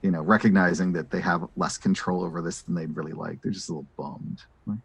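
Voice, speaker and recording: Low husky man chatting at a game table. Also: steady tone, quick pace, hardly any pauses, fairly bright tone, highs cut off. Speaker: player. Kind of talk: tabletop role-play chat.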